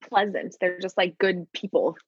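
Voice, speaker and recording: A young woman co-hosting a podcast, chatting casually and telling stories in a lively way. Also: moderate pace, slightly rough, no room sound, dull audio. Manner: lively storyteller, jumping up in pitch when quoting. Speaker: podcast co-host. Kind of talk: casual chat.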